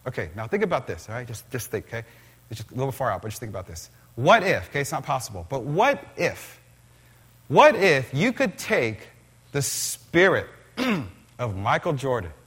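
A male pastor delivering a sermon in a church. He preaches in an animated, conversational way. He often turns to the congregation with questions. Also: mid-range voice, moderate pace, slightly rough.

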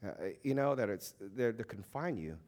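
Thirties male Christian speaker, casual and animated, swings pitch widely, lots of fillers. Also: normal speed. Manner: animated, conversational, with many fillers and acted-out quotes. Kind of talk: informal faith talk.

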